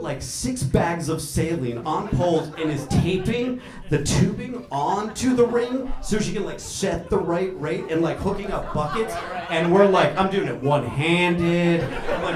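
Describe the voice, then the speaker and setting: A man in his thirties with a voice pitched a bit high for a man tells a story on stage, laughing as he goes and acting out every person in it. The hall is echoey and an audience murmurs and laughs behind him. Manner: animated, laughing through the telling, acting out others. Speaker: doctor telling a story on stage. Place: stage before a live audience. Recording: echoey room with a crowd.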